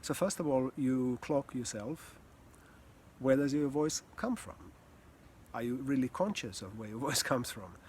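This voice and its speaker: Faint hiss runs beneath a calm, earnest voice coach's reflective lesson on communication. Speaking in the mid range, he moves slowly and unhurriedly, pausing and sometimes sighing or laughing softly.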